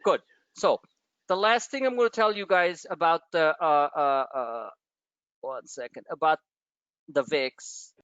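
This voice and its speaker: A man's voice: a little high, unhurried, clean tone, no room sound, highs cut off. A man hosting a live stock-trading webinar, talking casually with profane asides and rambling stories. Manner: animated, profane, tangents into personal stories.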